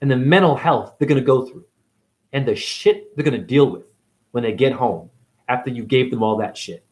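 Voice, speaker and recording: A man's voice: medium pitch, expressive, normal speed, a little mellow. A man delivering an angry, confrontational monologue as a self-styled spiritual teacher, swearing constantly. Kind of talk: profane ranting monologue.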